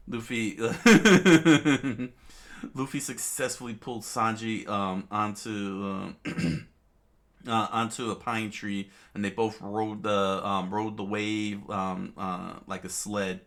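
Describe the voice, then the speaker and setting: A man casually reading a comic aloud, halting with many fillers and restarts and chuckling now and then. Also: on the low side, steady tone, a bit bright. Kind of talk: casual read-aloud narration.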